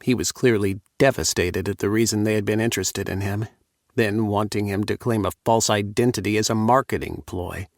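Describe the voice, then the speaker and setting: A man reading a first-person audiobook in a calm, steady way on a close studio mic. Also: on the low side, brisk, dry recording. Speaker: audiobook narrator.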